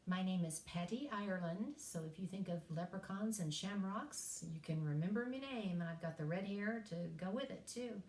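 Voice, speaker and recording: A woman's voice: mid-range voice, moderate pace, few pauses, a little mellow. Folksy woman telling classroom stories. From East Tennessee, USA. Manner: folksy storytelling, self-deprecating humor. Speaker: college English teacher. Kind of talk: recorded course lecture. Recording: echoey room.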